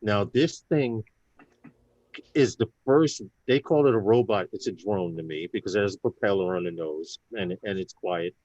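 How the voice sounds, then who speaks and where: Low-voiced man telling a story. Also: normal speed, a little mellow, dry recording, muffled recording. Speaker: co-host. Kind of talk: casual live show talk.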